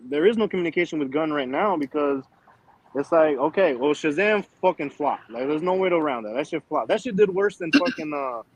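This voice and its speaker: Guy hosting a stream, kinda high voice, rambly and cussing a lot over a call. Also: expressive, fairly quick, poor audio. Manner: rambling, profane, with frequent fillers. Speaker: show host. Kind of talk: casual livestream chat.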